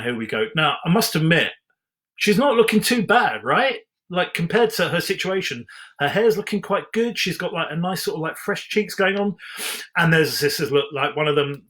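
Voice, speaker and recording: A man's voice: on the high side, pushed and bright. A man reading a fairy tale aloud, breaking off for playful, chatty asides about the pictures. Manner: playful, chatty, mock-earnest commentary. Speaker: storyteller. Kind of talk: storybook reading with comic asides.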